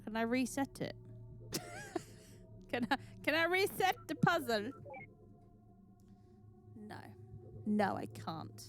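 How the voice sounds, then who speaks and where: A woman's voice: sits high, sing-song, measured pace, long pauses, fairly bright tone. A woman streaming a video game, chatty and exclaiming, who mocks herself as she plays. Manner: chatty, exclaiming, self-mocking. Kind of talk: gaming stream commentary. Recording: game music behind.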